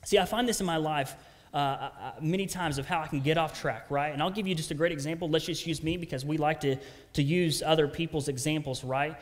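A man's voice: a little high, fairly even intonation, brisk. Earnest preaching man, long church reverb. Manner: earnest, conversational preaching with frequent "right?" asides. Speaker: pastor. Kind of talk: sermon. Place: church sanctuary.

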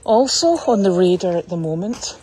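A woman's voice: on the low side, animated, normal speed, mellow. Woman, sanctuary keeper, chatty and upbeat, walking outdoors with a phone, a faint hiss behind her. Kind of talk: casual walk-around vlog. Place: outdoors on a farm, walking the paddocks.

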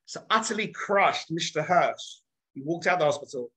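A man teaching as a rabbi, telling stories in a high, bright voice. He acts out each quote as a short dialogue and keeps turning to his listeners with direct questions. The delivery is animated and conversational. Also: moderate pace, breathy edge, low-quality recording. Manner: addresses listeners directly, asks the room questions. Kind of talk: storytelling lecture to a live group.

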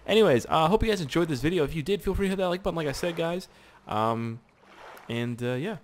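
A man's voice: on the high side, sing-song, fast talker, noisy background. A young man casually commenting on a survival game he is playing, rambling, joking and swearing a lot. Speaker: gaming YouTuber. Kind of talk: casual let's-play commentary.

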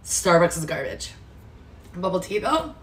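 A woman's voice: fairly low pitch, very animated, measured pace, fairly bright tone. A woman chatting casually to her camera at home, rambling through a story and swearing freely. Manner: chatty, rambling, swears freely, retells stories with quoted voices. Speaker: vlogger. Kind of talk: casual vlog chat to camera.

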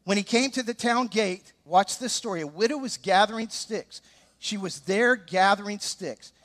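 A man with an Alabama Southern accent preaching a sermon as pastor, animated and throwing joking asides to the congregation. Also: high voice, normal speed.

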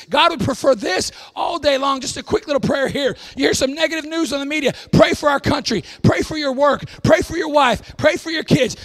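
A pastor preaching a folksy, emphatic sermon, often bursting into shouts. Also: male voice, very high-pitched.

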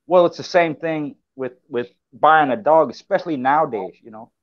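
A man's voice: a little high, lively intonation, moderate pace, lo-fi sound. A man co-hosting a casual chat, laid-back and rambling with many fillers. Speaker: podcast co-host.

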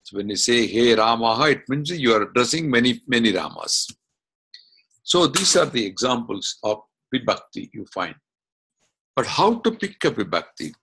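A man teaching an online class, explaining slowly step by step and asking questions as he goes. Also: medium pitch, very animated, creaky, bright, forceful tone, slightly rough. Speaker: Sanskrit teacher. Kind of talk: online lesson. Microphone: video call.

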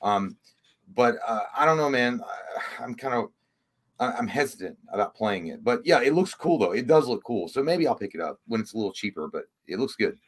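A man co-hosting a casual livestream, rambling and halting, with frequent restarts as he searches for words. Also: mid-range voice, lively intonation. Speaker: podcast co-host.

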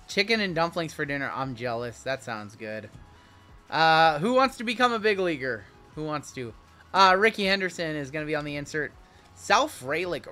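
A man hosts a live card break in a loose, rambling way, calling out each card as he goes. His voice sits high and sounds bright. Faint music plays behind him. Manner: chatty, rambling, calls out cards. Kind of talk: casual live-stream chat.

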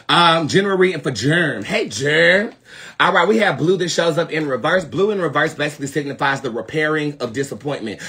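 Southern dude from north carolina doing live tarot, bright husky voice, sassy and cussing, loud then mumbly. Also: male voice, a little high. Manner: sassy, profane, swings from loud to murmured asides. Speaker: tarot reader, live show host. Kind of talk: live-stream tarot reading, chatting to viewers.

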